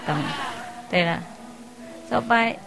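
Field: woman. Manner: laughing, affectionate. Pitch: fairly high. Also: slow, vocal fry, heavy background noise. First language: not English. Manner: laughs often, affectionate and teasing; simple, non-native English phrasing. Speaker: spiritual teacher. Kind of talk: informal farewell talk to followers.

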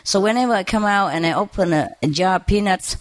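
A woman's voice: mid-range voice, fast talker, no echo. A woman chatting casually about her birds and dog, laughing often as she tells her stories. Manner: laughs often, animated, acts out her pets' voices. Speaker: bird owner. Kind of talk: casual storytelling.

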